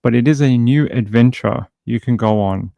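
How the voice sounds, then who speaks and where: A gravelly-voiced Australian man hosts a casual livestream, greeting viewers by name and joking around. His delivery is loose and chatty with a tired edge, recorded close and dry with no room sound. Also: medium pitch, normal speed, warm tone, no room sound, muffled recording. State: tired from insomnia. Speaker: livestream host.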